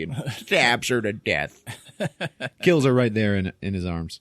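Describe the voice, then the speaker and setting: Low-voiced man recapping a film. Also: measured pace, no echo, studio quality. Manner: animated storytelling, frequent laughter, swearing. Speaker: podcast host.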